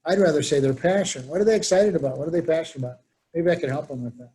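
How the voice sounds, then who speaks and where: Mellow storytelling male presenter. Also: a little high, rapid-fire. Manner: storytelling, acts out quoted voices. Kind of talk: conversational workshop talk.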